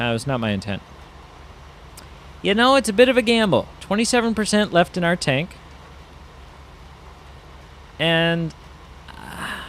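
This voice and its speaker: With slight background noise behind his mid-range voice, a man rambles casually over a farming game, thinking out loud and using many fillers, as a gaming YouTuber.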